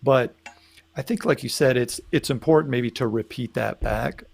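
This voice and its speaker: A man's voice: mid-range voice, moderate pace, gravelly. A man co-hosting a live talk show, speaking thoughtfully and often checking in with "right?". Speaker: podcast co-host. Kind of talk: casual live discussion.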